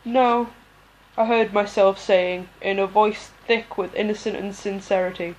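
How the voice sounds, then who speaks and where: A woman reading a novel aloud as an amateur audiobook, unhurried, with pauses and the odd restart. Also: medium pitch, flat delivery, darkish tone, rough recording. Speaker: audiobook reader.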